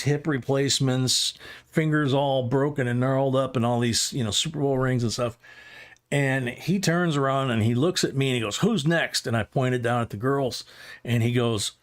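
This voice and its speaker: A middle-aged man hosting a livestream, rambling through a casual anecdote with chuckles. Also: medium pitch. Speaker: livestream host.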